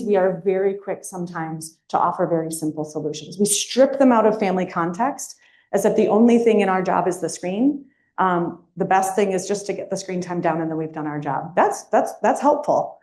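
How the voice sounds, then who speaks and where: A woman leads a workshop in a meeting room and talks to her audience in a conversational way. Her voice is mellow and warm, and she keeps checking in with a quick "right?". The sound is roomy, with an echo off the walls. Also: medium pitch. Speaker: workshop presenter. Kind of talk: workshop talk to a live audience. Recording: echoey room.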